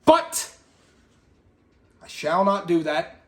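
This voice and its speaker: A man in a comedy sketch playing an excitable director and interviewer who breaks into shouty bursts. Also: high-pitched, moderate pace, distant mic.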